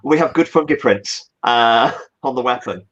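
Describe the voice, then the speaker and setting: A man role-playing a political adviser, earnest and a bit hesitant. His pitch is ordinary. The audio is dull and lo-fi. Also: moderate pace, fairly bright tone. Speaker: player. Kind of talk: in-character tabletop role-play.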